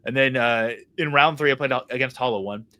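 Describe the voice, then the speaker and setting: A man's voice: medium pitch, a little fast, pushed and bright. A young man co-hosting a podcast, ranting heatedly and swearing a lot in casual chat. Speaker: podcast co-host.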